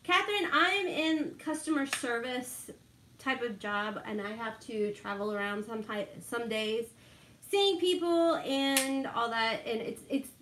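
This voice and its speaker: A woman's voice: fairly high pitch, measured pace, fairly bright tone, roomy sound, slight background noise. A middle-aged woman, chatting casually and laughing a lot with live viewers while doing her makeup. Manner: chatty, laughs often, reads out viewer names.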